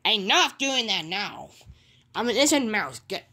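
A man's voice: sits high, big pitch swings, moderate pace, sharp tone, full character voice. A man voicing a cheerful male cartoon mouse in a homemade toy skit, mumbling through stumbling restarts. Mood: stern.

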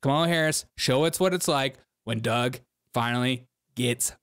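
A man's voice: medium pitch, normal speed, a bit bright, clean tone, no echo, studio quality. A man hosting a comedic news commentary show, talking in a sarcastic, teasing way.

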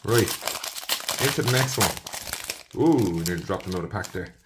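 A man's voice: deep voice, expressive, normal speed, very noisy. A young man giving casual commentary while opening trading card packs, rattling off player names and talking to viewers as "folks.". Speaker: trading card box breaker.

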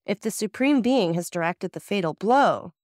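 A woman's voice: mid-range voice, animated, moderate pace, darkish tone, dry recording, clean studio sound, close to an everyday voice. A woman reading the lines of a solemn, devout young husband in an audiobook, grave and earnest.

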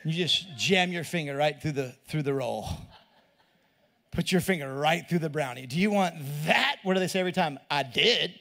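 A middle-aged man with a drawl preaches a sermon in a high voice for a man. He talks to the crowd like a friend, doubles back over his words and keeps asking them questions. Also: expressive, moderate pace, gravelly, a bit bright. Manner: conversational, repeats words, asks the crowd questions. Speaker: pastor.

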